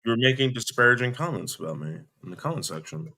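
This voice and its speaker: A man's voice: medium pitch, very animated, fast talker, creaky, bright, forceful tone. A man arguing defensively on a live stream, repeating himself, restarting his sentences and swearing. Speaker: livestream guest. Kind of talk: heated argument on a live stream.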